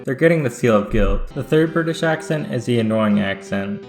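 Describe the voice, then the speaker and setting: A man doing deadpan, mock-serious scripted satirical narration as a comedic history YouTuber. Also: medium pitch, moderate pace. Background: faint guitar music.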